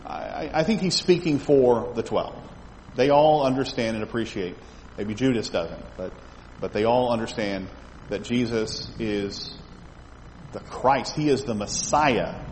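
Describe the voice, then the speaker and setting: In an echoing hall with faint background noise, a man with a medium-pitched, darkish voice teaches Bible study. He reads passages of scripture aloud, asks questions of those listening and frequently repeats words while thinking.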